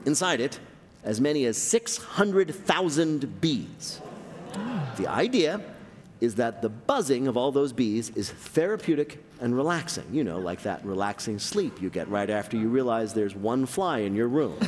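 A man's voice: mid-range voice, lively intonation, unhurried, slight background noise. A man hosting a live radio quiz show on a theater stage, bantering and joking with the caller and laughing often. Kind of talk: lively comedic radio hosting. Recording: long theater reverb.

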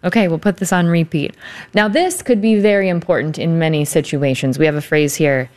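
A woman's voice: sits low, brisk, a little mellow. A woman hosting a broadcast interview in a studio, upbeat and guiding her guests along. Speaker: show host.

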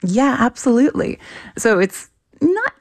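Gravelly-voiced woman researcher explaining. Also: on the high side, very animated, measured pace. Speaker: researcher guest. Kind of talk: explanatory interview answers.

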